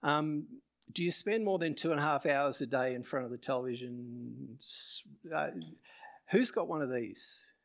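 A male pastor closing his sermon, reciting a rhyming poem slowly and earnestly, then leading a prayer. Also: medium pitch, creaky, fairly bright tone.

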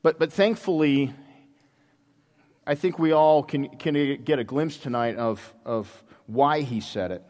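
A man preaching a sermon in a church, telling a story with many halting restarts. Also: a little high, darkish tone. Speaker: pastor. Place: church sanctuary. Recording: long hall reverb.

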